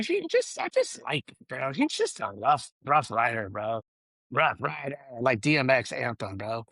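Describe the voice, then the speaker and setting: A man's voice: medium pitch, a bit bright. A middle-aged man rants through a solo podcast in a voice that swoops up and down with feeling. He swears freely, keeps tacking "bro" onto his sentences and trips over restarts as he rambles on. The sound is dry, with no room echo. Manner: ranting and emotional, swears, says "bro" constantly. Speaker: podcast host.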